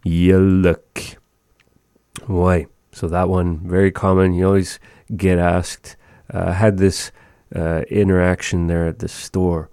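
A man teaching words of a language in a relaxed, chatty way, repeating each word slowly. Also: sits low, dry recording, clean studio sound. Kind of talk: casual language lesson.

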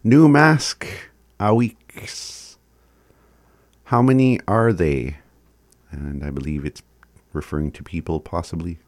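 A man teaching phrases in a casual recorded lesson, chuckling often and sounding words out slowly. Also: sits low, no room sound. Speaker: language teacher.

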